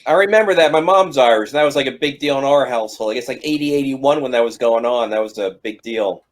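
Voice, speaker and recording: Fast-talking man asking questions. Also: mid-range voice. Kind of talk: casual interview conversation.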